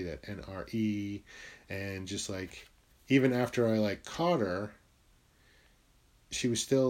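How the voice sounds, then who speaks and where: This is a candid personal monologue from a young man in Connecticut who speaks plainly and confessionally about himself. He swears a lot and sometimes lowers his voice for hushed side remarks.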